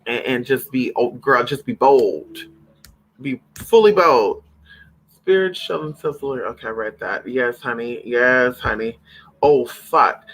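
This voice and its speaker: A man hosting a spiritual livestream, chatting casually with viewers in an animated, profane way, calling them honey and girl. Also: mid-range voice, vocal fry, rough recording.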